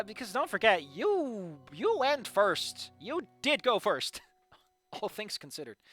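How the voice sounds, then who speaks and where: A man reading a story aloud and breaking off with animated, sarcastic asides to the characters. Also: fairly high pitch. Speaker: fanfiction reader.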